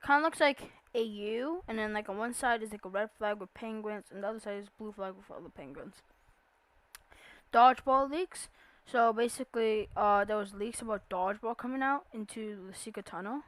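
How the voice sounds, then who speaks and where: A woman's voice: medium pitch, no room sound. A young woman giving a casual voice-over about a video game, rambling with lots of fillers and restarts. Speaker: YouTuber explaining a game iceberg.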